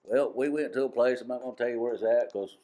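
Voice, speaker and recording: A man's voice: mid-range voice, quick pace, mellow. A man with a Harkers Island brogue, telling rambling fish-house stories to a live audience as co-host. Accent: Harkers Island brogue, coastal North Carolina. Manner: rambling, self-interrupting yarn-spinner. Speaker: storyteller co-host. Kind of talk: live storytelling before an audience. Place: museum parlor talk.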